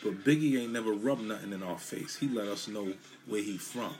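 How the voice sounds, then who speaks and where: Casting a New man as a solo podcast host, with a low voice and a loose, cussing street delivery. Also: moderate pace, darkish tone, faint music behind. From Brooklyn, New York. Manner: loose, emphatic, profane street talk. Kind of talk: casual solo podcast monologue.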